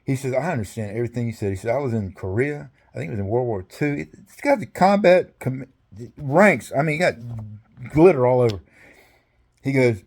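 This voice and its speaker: An older man recounts an old story as an interview guest. He rambles, laughs often and acts out both sides of conversations. His voice sits at a middle pitch for a man. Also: normal speed, a little mellow.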